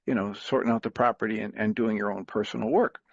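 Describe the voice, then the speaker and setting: Guy doing a chill farmer neighbor giving advice, plain calm voice, muffled lo-fi. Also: lowish voice, vocal fry, no echo, voice pushed down. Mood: patient. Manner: calm, matter-of-fact, unhurried advice.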